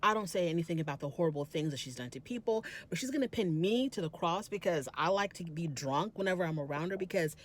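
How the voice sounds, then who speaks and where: Lowish-voiced woman recapping a reality show. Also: lively intonation. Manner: retelling scenes, acting out quotes in quick bursts. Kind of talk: casual episode recap with quoted dialogue.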